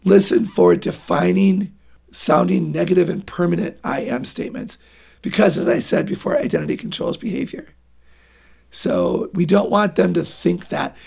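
A woman's voice: fairly low pitch, moderate pace, gravelly, darkish tone, slightly rough. A woman speaking as a guest on a parenting interview, earnest and emphatic as she urges parents on. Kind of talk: radio interview talk.

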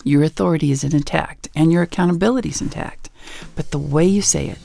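A woman's voice: sits low, fast, gravelly, warm tone. A woman author being interviewed on a radio show, telling stories emphatically and with self-assurance. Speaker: guest author and educator.

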